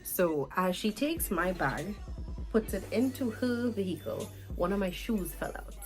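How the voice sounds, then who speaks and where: A Trinidadian woman in her twenties telling a storytime vlog in an animated, chatty way, with asides to her viewers. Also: mid-range voice, a little slow, faint music behind, rough recording. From Trinidad and Tobago. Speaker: vlogger.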